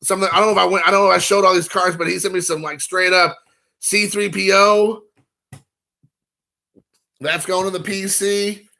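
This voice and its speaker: A man hosting a card collecting live stream, chatting casually and excitably with viewers, rambling and addressing them by name. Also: high-pitched, moderate pace, creaky, pauses often. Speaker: card collecting channel host.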